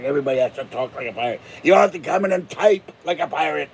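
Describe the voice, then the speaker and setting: A man's voice: on the high side, expressive, quick pace, gravelly, hardly any pauses, breathy edge. Chuckly older man spinning jokes. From Pittsburgh, USA. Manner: joking, chuckling, tall tales. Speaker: channel host. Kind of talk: rambling casual monologue.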